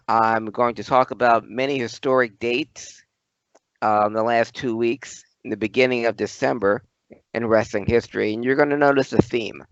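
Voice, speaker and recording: A man's voice: mid-range voice, fairly bright tone, dry recording. Male wrestling historian, dull dry audio. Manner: wordy, dramatic storyteller. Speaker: podcast co-host, wrestling historian. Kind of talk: casual chat and storytelling.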